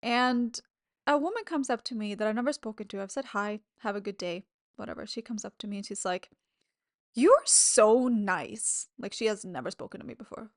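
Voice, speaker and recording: A woman's voice: mid-range voice, fast talker, no echo, studio quality. A woman hosting her own podcast in a candid, chatty monologue, swearing freely and laughing between thoughts. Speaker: podcast host. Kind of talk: casual solo podcast monologue.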